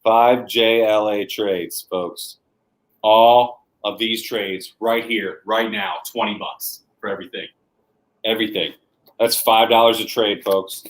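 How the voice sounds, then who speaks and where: A man co-hosting a live comic shop sales show, calmly listing deals and calling his viewers "folks". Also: lowish voice, slow pace, poor audio. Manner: easygoing, lists deals and repeats "folks".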